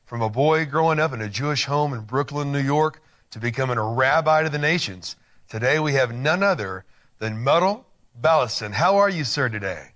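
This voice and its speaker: A man's voice: mid-range voice, expressive, moderate pace, a bit bright. A man hosting a Christian TV interview show, talking enthusiastically and encouragingly, with a chatty, filler-heavy delivery. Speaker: TV show host.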